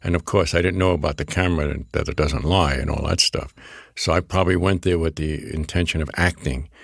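An older man with a Bronx accent, his voice very low and gravelly. He tells rambling anecdotes as an interview guest, slipping into the voices of the people he quotes. The recording is close and dry. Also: steady tone, a little fast, a bit bright, no echo. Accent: New York Bronx. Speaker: guest actor. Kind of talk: storytelling interview.

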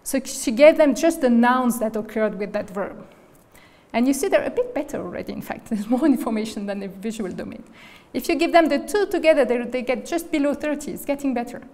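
A woman gives a lecture in a large hall, and long reverb trails behind each phrase. Her voice sits a little high. She builds the argument step by step and keeps checking with the room. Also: lively intonation, a little fast, a little mellow. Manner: explains step by step, often checks in with "okay?" and "right?". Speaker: guest lecturer. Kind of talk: academic lecture.

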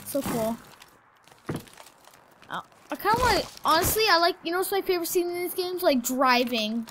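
A woman giving chatty, rambling commentary while playing a video game, breaking into excited yelps. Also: extremely high pitch, normal speed. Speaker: gaming commentator. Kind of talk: casual gameplay commentary. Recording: loud background noise.

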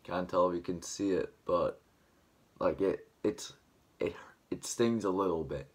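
Deep voiced young guy, dry throat, half awake, chatting slow and loose at home, lots of "like". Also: slightly rough. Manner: rambling, filler-heavy, just waking up. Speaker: vlogger. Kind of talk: casual morning chat to camera. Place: at home indoors, early morning.

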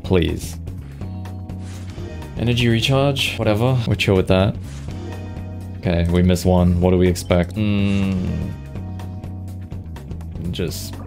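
A man's voice: low-pitched, gravelly. A young man giving casual, swear-laden gameplay commentary with playful sound effects. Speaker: gaming streamer.

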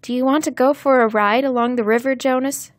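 A woman voicing a gentle, nervous girl of about twelve in a storybook reading. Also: high voice, animated, unhurried, no room sound, voice pushed up. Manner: soft and hesitant.

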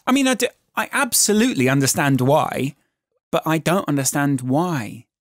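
A man's voice: on the high side, big pitch swings, normal speed, fairly bright tone, no room sound. A man co-hosting a podcast in casual chat, joking with dry, wry humor. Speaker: podcast co-host.

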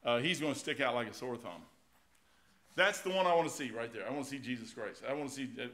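A middle-aged man, preaching a sermon in a folksy, animated way, swinging between loud swells and quiet drops. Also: mid-range voice, fairly quick, pauses often. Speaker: pastor.

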